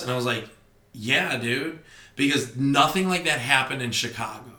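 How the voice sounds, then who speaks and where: A young man, a stand-up comedian, telling stories in casual podcast chat, animated and swearing freely. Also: medium pitch, brisk, echoey room. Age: young adult. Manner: animated storytelling, heavy swearing.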